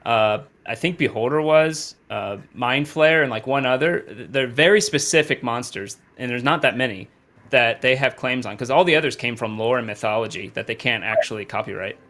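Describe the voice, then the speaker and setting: A man's voice: mid-range voice, moderate pace, fairly bright tone, slight background noise. A man playing a tabletop game, chatting casually, laughing easily and now and then mimicking voices. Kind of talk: casual chat between tabletop players.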